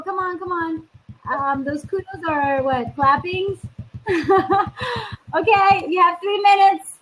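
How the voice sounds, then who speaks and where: A woman's voice: very high voice, animated, slow, slight background noise, low-quality recording. A woman life coach hosting a live video stream, chatting casually and upbeat, talking straight to her viewers.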